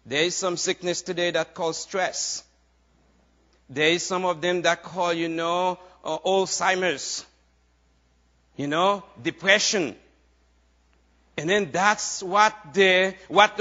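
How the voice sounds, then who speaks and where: A man preaching a sermon, repeating key phrases in a steady preaching cadence. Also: high-pitched. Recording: dull lo-fi recording.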